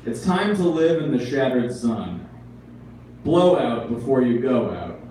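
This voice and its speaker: A man's voice: mid-range voice, very animated, measured pace, dark tone, slight background noise. Wry man reading poetry live. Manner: wry, with joking asides. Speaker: poet. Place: live event room. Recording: echoey room, mic far off.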